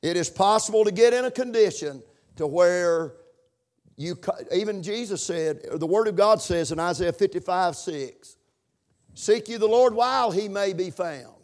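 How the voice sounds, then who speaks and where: A pastor preaching a sermon in church, rising to loud emphatic passages and dropping to quiet asides. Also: male voice, high-pitched, lively intonation, normal speed.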